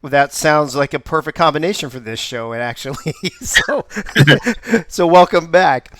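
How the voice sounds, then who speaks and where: A man's voice: on the high side, sing-song, normal speed, pushed and bright, dry recording. A man hosting a live show in an upbeat, joking way. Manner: upbeat, joking, laughs often. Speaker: host.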